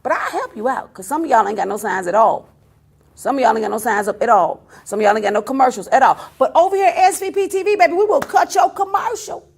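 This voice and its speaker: A woman's voice: sits high, expressive, fast, slightly rough. A woman talk show host, ranting to her viewers in a teasing, laughing way. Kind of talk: casual on-air rant to viewers.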